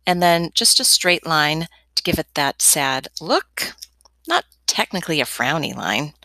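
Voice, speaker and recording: A woman's voice: lowish voice, bright, forceful tone, no room sound. A young woman teaching a step-by-step drawing lesson as an art teacher, chatty and encouraging with playful asides.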